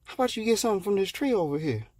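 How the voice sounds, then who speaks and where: A man voicing a sly, smooth-talking male serpent tempter in a comedic retelling, speaking low and coaxing. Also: expressive, rapid-fire, no room sound, clean studio sound. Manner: low, hushed, coaxing sweet-talk. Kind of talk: comedic storytelling.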